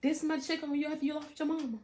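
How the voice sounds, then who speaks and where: A woman's voice: high voice, little pitch movement, very fast, darkish tone. A woman speaking candidly in a podcast conversation, outspoken and heartfelt, in a casual colloquial way.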